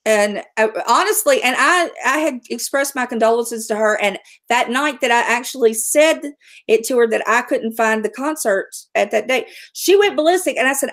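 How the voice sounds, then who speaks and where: A woman's voice: fairly high pitch, a little fast, fairly bright tone. A middle-aged woman hosting a casual livestream, talking bluntly, swearing freely and laughing often. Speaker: livestream host.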